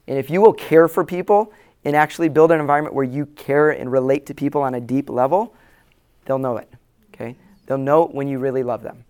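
A man's voice: a little high, a little fast, smooth. A man speaking as a pastor to a room of church leaders, earnest and plain-spoken, repeating key lines for emphasis. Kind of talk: conference talk to church leaders. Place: room with a live audience.

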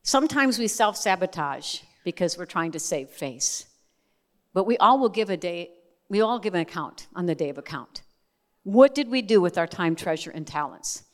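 A woman's voice: fairly low pitch, animated, normal speed, long reverb tail. A middle-aged woman giving a testimony sermon as a Christian speaker, talking candidly with chatty asides. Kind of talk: testimony sermon to a live audience.

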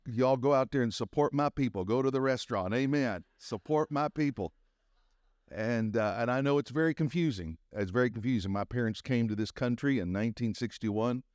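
A man's voice: medium pitch, dry recording. A man in his sixties with a Southern US accent, preaching a conference sermon in a folksy, joking way that builds to rousing calls for an amen. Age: 60s. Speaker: pastor.

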